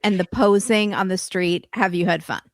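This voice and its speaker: A woman co-hosting a casual podcast chat, making quick sarcastic asides about a reality show. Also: medium pitch, fairly even intonation, no echo, clean studio sound. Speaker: podcast co-host.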